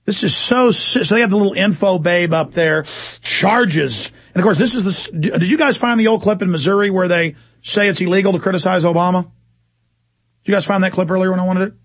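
Gravelly, high-pitched ranting male host. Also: no echo. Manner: heated, rapid, sarcastic mocking asides. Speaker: talk radio host. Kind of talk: angry political talk show rant.

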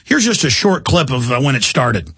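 A man's voice: medium pitch, big pitch swings, normal speed, fairly bright tone, breathy edge, dry recording. A man hosting a talk radio show, rambling and indignant in an emphatic monologue from a studio.

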